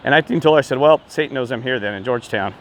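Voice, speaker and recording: Man, casual rambling vlog, excitable, meandering, middle-pitched voice, faint traffic noise outside. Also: quick pace. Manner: excitable, meandering, repeats exclamations of disbelief. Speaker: self-described street minister.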